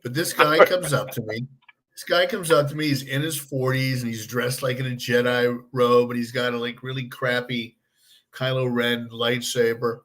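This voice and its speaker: A man's voice: mid-range voice, steady tone, moderate pace, a bit bright. Wry man telling anecdotes. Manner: wry, anecdotal, laughs at his own stories. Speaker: podcast co-host. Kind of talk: casual storytelling chat.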